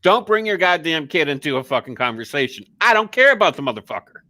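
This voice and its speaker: Brief: male co-host, lively swinging pitch, profane and heated, dry close sound. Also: quick pace, dry recording. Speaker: podcast co-host. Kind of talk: casual chat.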